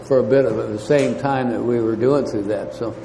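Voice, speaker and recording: A man telling his recovery story at a meeting, halting, with many fillers and restarts. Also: medium pitch, fairly even intonation, mellow. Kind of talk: storytelling talk. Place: meeting hall. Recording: faint noise, long hall reverb.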